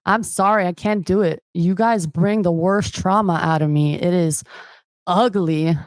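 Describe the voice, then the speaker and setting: A woman guest on a podcast, talking in a loose, blunt and profane way, slipping into little acted-out voices of other people. Her voice sits on the low side, and the sound is close and dry with no room around it. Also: unhurried, dry recording. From Albanian family background. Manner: blunt, profane, acts out quotes. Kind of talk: casual podcast chat.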